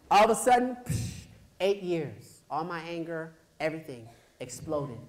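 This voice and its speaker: A lively male speaker addresses a high school assembly, telling a story from his childhood with great energy. He punctuates it with sound effects and call-and-response questions, swinging from hushed moments to loud bursts. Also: normal speed. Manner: animated storyteller who acts out scenes, makes sound effects and quizzes the crowd. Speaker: motivational speaker. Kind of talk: motivational school assembly speech.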